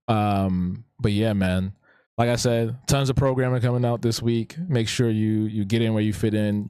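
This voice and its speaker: A man's voice: fairly low pitch, a little mellow, clear, resonant tone, dry recording, clean studio sound. A man hosting a live drawing stream, chatting casually in a laid-back, slangy way and often repeating his phrases. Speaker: live-stream host and artist.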